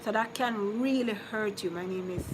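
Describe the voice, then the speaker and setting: Woman streamer, mid-pitched, chatty and consoling, noisy background, live vlog. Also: moderate pace. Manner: chatty, consoling then teasing, drifts between topics. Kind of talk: casual live-stream chat with viewers. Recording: noticeable background noise.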